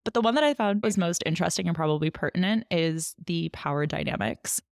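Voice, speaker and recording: A woman's voice: lowish voice, fast talker, gravelly, no echo, clean studio sound. A woman co-hosting a podcast in casual chat, chatty with many fillers and frequent laughs. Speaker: podcast co-host.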